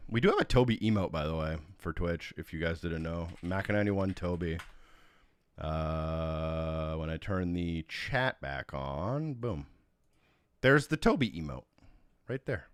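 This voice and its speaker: A male streamer in his home office, chatting casually with viewers and coaxing his dog through tricks with high, sing-song commands. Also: expressive, a little slow, clear, resonant tone, no echo. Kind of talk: casual live stream chat.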